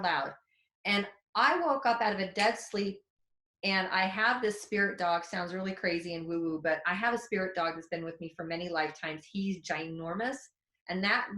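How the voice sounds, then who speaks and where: A woman in her forties, a psychic development teacher, telling a story in a webinar in a casual, candid, animated way with mild swearing. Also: lowish voice, normal speed, echoey room.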